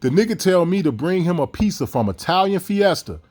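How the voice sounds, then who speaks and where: A man's voice: high-pitched, very animated, darkish tone. A man ranting in a heated, profane, repetitive way. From Chicago. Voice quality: fast, heated, repetitive delivery. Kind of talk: profane conspiracy rant.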